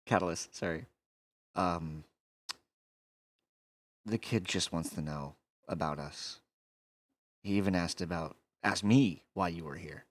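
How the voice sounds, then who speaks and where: A man voicing a patient, fatherly male adventurer who speaks in a gentle, halting way with many fillers. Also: low-pitched, dry recording.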